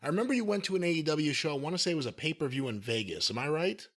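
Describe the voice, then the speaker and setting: A male podcast host talks quickly and casually, moving the chat along with questions. His voice sits a little high for a man. He speaks at a brisk pace. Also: lively intonation, a bit bright. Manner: brisk, steers the talk with questions.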